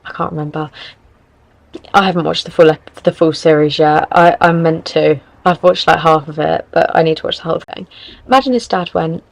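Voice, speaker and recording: A young woman talks through listener problems in a loose, rambling podcast chat, often stopping to correct herself. Her voice sits fairly low with a gravelly, fried edge. The recording is close and dry. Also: brisk, dry recording, rough recording. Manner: rambling, self-correcting, chatty. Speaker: podcast host. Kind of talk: casual advice chat.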